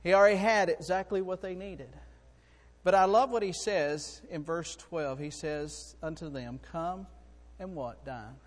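A man preaching a sermon in a folksy, emphatic way, swinging between loud and quiet. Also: on the high side, a little slow, big-room sound.

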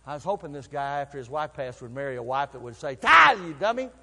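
An older man preaching a sermon, telling folksy stories and swinging from quiet asides to shouted exhortation. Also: mid-range voice, fairly even intonation, fast. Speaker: pastor. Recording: long hall reverb.

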